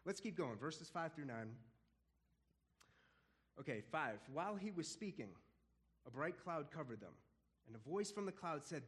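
A man teaching a casual Bible study in an animated, conversational way, often chuckling. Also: fairly high pitch, normal speed, pauses often.

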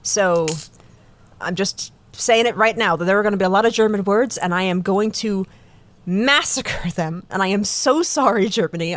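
A woman's voice: mid-range voice, no echo. A woman hosting a true-crime podcast in casual chat, giggly and self-deprecating, rambling with many restarts. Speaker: podcast host.

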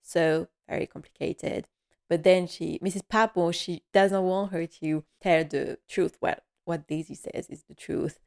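A woman's voice: on the low side, steady tone, measured pace, vocal fry, a little mellow. A woman giving a casual episode recap, chatty and laughing often, with many fillers along the way.

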